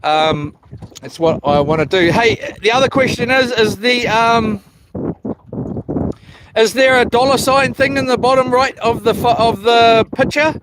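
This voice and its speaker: A New man live streaming from a small houseboat, chatting in a laid-back, rambling way, greeting viewers by name and swearing casually. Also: high voice. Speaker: livestreaming fisherman. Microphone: phone. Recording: noisy outdoor phone live stream.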